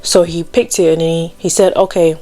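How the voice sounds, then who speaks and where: A young woman with a slightly low voice tells a personal faith story in a relaxed, chatty way. Her talk is full of "like" and "you know", and she lifts her voice when she acts out what others said. Faint music plays softly behind her. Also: moderate pace. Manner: acts out quoted people with a raised voice. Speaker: Christian storytime vlogger.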